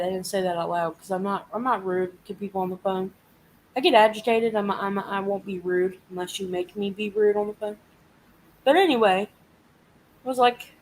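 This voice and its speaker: A woman's voice: mid-range voice, a little mellow, a little hiss or hum, poor audio. A woman hosting a casual live chat, venting and swearing as she animatedly retells a frustrating week. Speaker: live stream host.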